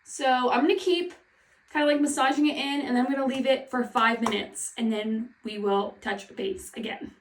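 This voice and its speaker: Woman vlogger, anxious self-talk, rambling delivery, bright-ish pitch, roomy echo. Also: steady tone, moderate pace, slight background noise. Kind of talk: casual vlog talk. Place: at home. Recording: echoey room, voice from a distance.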